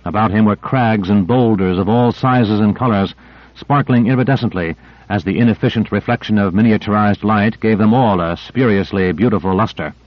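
A man narrating an audiobook with steady, vivid storytelling. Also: fairly low pitch, normal speed, no room sound. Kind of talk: scripted narration. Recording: dry, slightly dull lo-fi.

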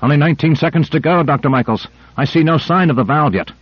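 Hurried male pilot, read by a man, quick raised report, lo-fi. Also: a little high, breathy edge, no echo, pitched above the performer's own voice.

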